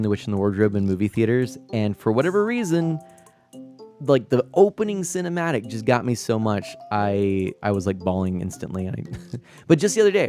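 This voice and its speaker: Warm and lowish, this thirtysomething man's voice carries a family-friendly live stream where he reads comments and chats casually with viewers. He laughs a lot and rambles, with plenty of fillers and false starts.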